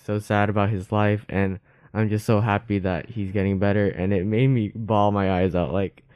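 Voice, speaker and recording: A young male podcast co-host talks in a loose, rambling, sincere way, full of fillers and restarts. His voice is fairly low and smooth, with a clean, resonant tone. The sound is dry and close-miked. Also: little pitch movement, normal speed, dry recording, lo-fi sound. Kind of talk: casual heartfelt chat.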